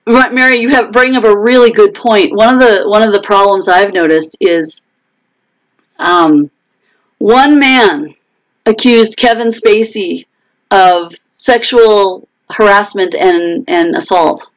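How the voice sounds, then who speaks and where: A woman's voice: mid-range voice, slow, low-quality recording. A woman author hosting a casual live chat, answering viewers by name, with many restarts and short laughs. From United States. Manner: animated, quotes others in raised voices.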